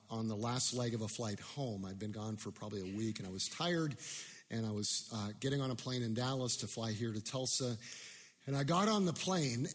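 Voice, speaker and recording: Man, sermon storytelling, breathy voice, long hall reverb, self-deprecating. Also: on the low side. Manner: anecdotal, self-deprecating, many restarts.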